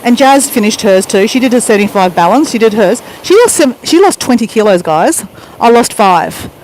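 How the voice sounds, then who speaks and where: This Australian vlogger's voice is on the high side, expressive, and darkish in tone, moving at a moderate pace as she chats to her live-stream audience while walking a beach at high tide. Wind and waves come through the noisy outdoor phone audio.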